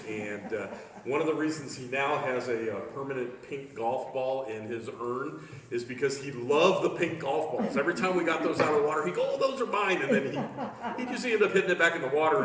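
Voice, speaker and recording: Man, memorial speaker, halting with fillers, heard echoey and from far off. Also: medium pitch, fairly bright tone. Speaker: eulogy speaker. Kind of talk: memorial remarks. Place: outdoor memorial service. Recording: echoey hall from far off, faint noise.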